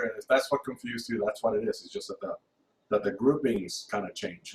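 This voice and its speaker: A man teaching music theory in an informal recorded lesson, talking haltingly with many restarts and counting beats aloud. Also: mid-range voice, fairly even intonation. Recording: roomy, distant mic, faint hum.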